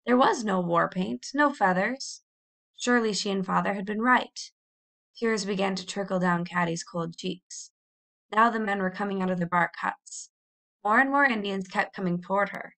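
A woman reads a storybook aloud in a measured, expressive way. Her mid-pitched voice has a gravelly, creaky texture. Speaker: audiobook reader. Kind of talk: storybook narration.

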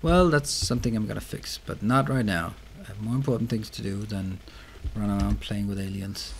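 A man narrates his own game session at his desk, muttering and cursing at things that break. His voice sits low with a rough, fried edge. Faint hiss and typing sounds run under it. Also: a little fast. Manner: frustrated muttering to himself, swearing at mishaps. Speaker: gameplay commentator. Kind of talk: let's play commentary. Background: keyboard and mouse clicks.

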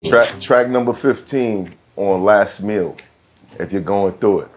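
A man's voice: lowish voice, slow, noisy background. A man hosting a podcast, asking questions in a loose, conversational way full of fillers. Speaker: podcast host. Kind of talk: casual interview chat.

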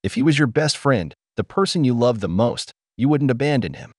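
A man delivers opinion commentary in a lecturing, blunt way. His pitch swings a great deal as he preaches, and the recording is close and dry, with no room sound. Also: lively intonation, a little fast, dry recording.

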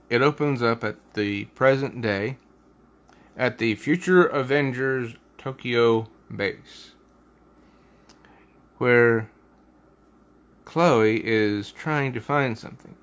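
A man's voice: mid-range voice, takes it slowly, long pauses, a bit bright, clear, resonant tone. A man casually reviewing a comic book, stumbling over names and poking fun at himself. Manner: hesitant with names, self-deprecating.

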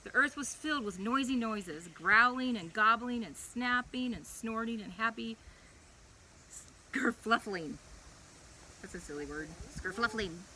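A young woman leading a preschool chapel, reading a Bible story to young children in a playful, animated way. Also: a little high, unhurried, a little hiss or hum, poor audio.

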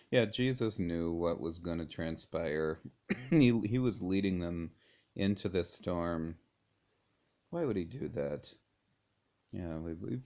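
A man giving an informal Bible lesson in a conversational way, chuckling often and pausing with fillers and restarts. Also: low-pitched, a little mellow. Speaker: Bible study teacher.

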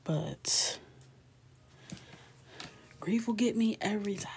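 With a fairly low pitch and an unhurried pace, this woman in her thirties hosts a live coloring stream, chatting and laughing casually with viewers. She's soft-spoken and often drifts into a whisper, and a little hiss or hum sits under the audio.

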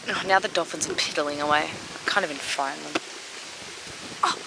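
A woman's voice: deep voice, moderate pace, vocal fry, background noise. An Australian woman vlogging outdoors by a harbour, gushing and rambling with lots of "like" fillers. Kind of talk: casual outdoor vlog.

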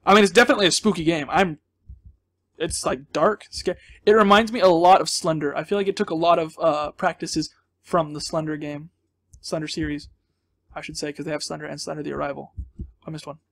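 A man's voice: fairly high pitch, steady tone, fairly quick, gravelly, fairly bright tone, dry recording. A man giving let's play commentary, flustered and jumpy, thinking aloud and exclaiming often, then dropping to a mutter. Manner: drops to a mutter between outbursts. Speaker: gaming channel host.

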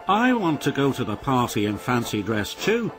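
A man voicing an eager, excitable young male tank engine in a storybook reading. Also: medium pitch, moderate pace, natural voice. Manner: bright, excited exclamations. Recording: music playing behind.

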